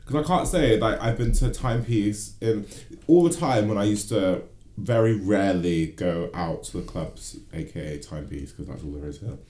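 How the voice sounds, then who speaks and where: A man's voice: on the low side, normal speed. A young man, chatting casually and animatedly as co-host, often acting out what people say. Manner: chatty, animated, jumps into comic quoted voices. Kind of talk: casual chat. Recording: echoey room.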